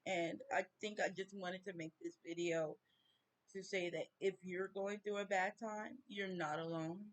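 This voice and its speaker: A woman's voice: on the low side, fairly even intonation. Woman on the edge of tears. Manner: slow, halting, tearful grief. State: near tears. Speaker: vlogger. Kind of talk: personal rant to camera.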